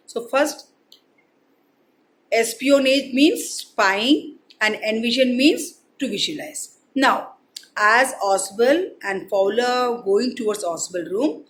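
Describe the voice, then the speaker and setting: Teacher explaining a story. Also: female voice, fairly high pitch, takes it slowly, slight background noise, rough recording. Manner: explains word meanings, retells each passage in simple words. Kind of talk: reading and explaining a textbook story.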